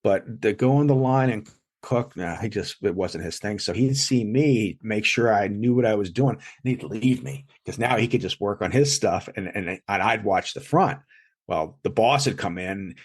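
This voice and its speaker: A man's voice: lowish voice, moderate pace, breathy edge. A man, a chef and food blogger, chatting as a guest, telling stories in a rambling way full of fillers and restarts. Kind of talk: casual storytelling in an interview. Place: lives in South Jersey.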